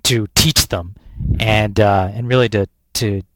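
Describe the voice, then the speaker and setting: An American man, a professional speaker, telling a lively story as an interview guest and often repeating words as he restarts. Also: fairly low pitch, unhurried, noisy background. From United States.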